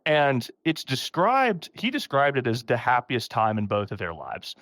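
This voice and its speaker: A man hosts a casual storytelling podcast, laughing often and jumping into a higher voice when he quotes someone. His delivery is full of pitch swings. The sound is close and dry, with no room echo. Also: normal speed. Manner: animated, laughing often, acts out quotes in a raised voice. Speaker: podcast host.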